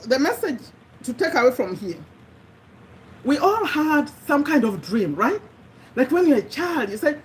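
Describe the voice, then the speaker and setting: A woman with a fairly high, slightly bright voice gives an earnest, conversational motivational talk, repeating her key phrases for emphasis. The recording is rough, with slight background noise.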